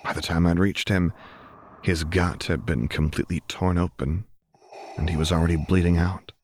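A man voicing a gentle young man who speaks softly and earnestly. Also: sits low, fairly even intonation, moderate pace, slight background noise, natural voice. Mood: tender. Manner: soft, quiet, earnest.

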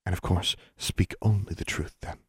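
Casting: a man voicing a stern, guarded woman dean, low and hushed, storybook reading. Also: fairly even intonation, normal speed, breathy edge, no room sound, clean studio sound. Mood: earnest. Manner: quiet, earnest warnings.

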